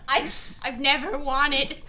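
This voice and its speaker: A woman's voice: high voice, steady tone, extremely slow, slight background noise. A woman streaming a party game online, swearing and ranting in exasperated outbursts. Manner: profane, exasperated ranting, shouting and laughing in outbursts. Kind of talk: casual gaming chat.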